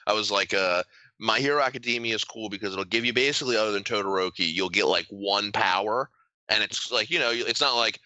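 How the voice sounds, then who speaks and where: A young man co-hosting a podcast in casual banter, rambling and animated, swearing often and laughing a lot. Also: on the low side, fairly quick, no echo, low-quality recording. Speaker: podcast co-host.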